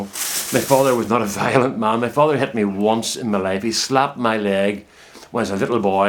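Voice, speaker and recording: A middle-aged man talking casually to camera from his greenhouse, rambling and reflective as he chats about his potato growing. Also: fairly low pitch. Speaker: home potato grower vlogger. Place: inside a greenhouse.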